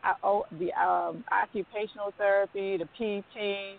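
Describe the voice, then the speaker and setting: A woman calls into a prayer line and shares her story slowly and hesitantly, with many filler sounds. Her voice has a gravelly, fry-tinged texture. The audio is thin and tinny, like a phone call. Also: mid-range voice, steady tone.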